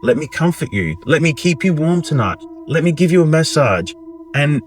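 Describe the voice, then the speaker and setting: A man's voice: fairly high pitch, big pitch swings, moderate pace, soft background music, pitched above the performer's own voice. A man voicing a seductive female fox spirit in human form, with a coaxing, pleading manner.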